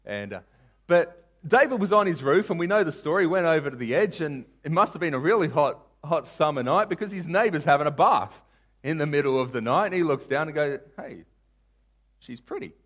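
Man preaching a lively sermon. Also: a little high, fairly quick. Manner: storytelling, acting out characters with wide swings in loudness. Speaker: pastor.

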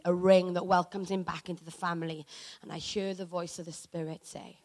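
A woman's voice: on the low side, level tone, normal speed, darkish tone, low-quality recording. Woman preaching with passionate emphasis. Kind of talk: sermon.

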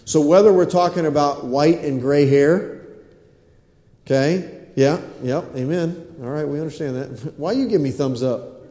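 A man's voice: a little high, unhurried, mellow. A man preaching a sermon in a church, talking with his congregation in an easygoing, folksy way. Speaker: pastor. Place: church sanctuary. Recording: echoey hall.

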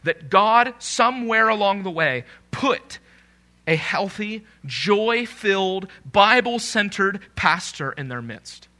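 A man preaching a live sermon as a pastor in a church, joking with the congregation and repeating key phrases slowly for emphasis. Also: high voice, animated, sharp tone.

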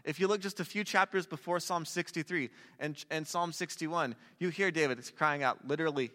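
A man preaching a sermon in a relaxed, conversational way, with jokey asides to a young audience. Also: on the high side, normal speed, few pauses. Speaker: pastor. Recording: long hall reverb.

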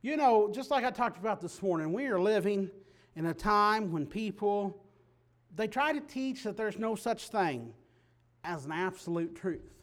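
A man preaching a sermon, dropping low and quiet then rising to loud, emphatic declarations. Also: lively intonation, measured pace.

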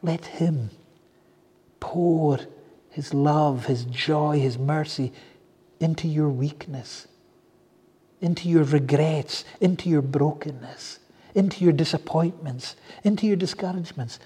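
Male preacher, fairly high pitch, husky and earnest, pleading sermon delivery, long hall echo. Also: slow pace, warm tone. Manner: earnest, pleading, with many repeated phrases.

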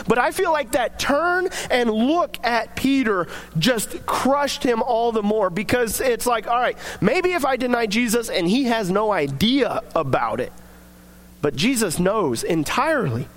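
A man preaching a sermon, reading scripture aloud and then explaining it in plain, earnest words. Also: very high-pitched.

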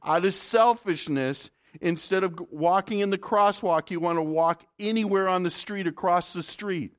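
Male pastor, fairly high voice, chatty sermon full of rhetorical questions. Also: moderate pace. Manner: conversational preaching with rhetorical questions to the congregation.

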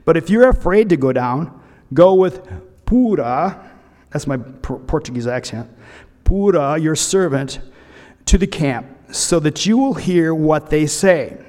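A man's voice: a little high, animated, a little slow, a little mellow, in a large hall. A man preaching a sermon, retelling a scripture story with humorous asides. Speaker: pastor.

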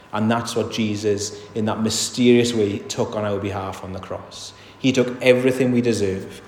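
A man's voice: medium pitch, a little mellow, slight background noise. A man preaching a sermon in a church, earnest and emphatic, often asking his listeners rhetorical questions. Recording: echoey hall reverb.

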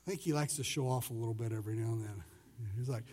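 A pastor preaching a conversational sermon who swings between loud and soft passages and acts out the voices he quotes. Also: medium pitch, racing.

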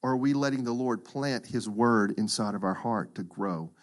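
A middle-aged man preaching a sermon, acting out quotes and swinging from loud to hushed. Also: medium pitch, moderate pace. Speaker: pastor.

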